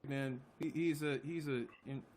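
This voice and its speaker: A man's voice: mid-range voice, fairly even intonation, unhurried, darkish tone, a little hiss or hum. A man who writes and sings his own songs, chatting casually as a live-stream guest in a rambling, self-deprecating way with easy swearing. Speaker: singer-songwriter guest.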